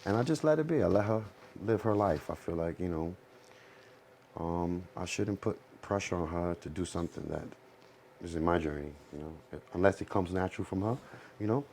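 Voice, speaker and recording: Deep-voiced dude hosting a podcast, talks about his kid, a bit of hiss behind. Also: normal speed, a little mellow. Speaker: podcast host, father. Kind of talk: casual chat.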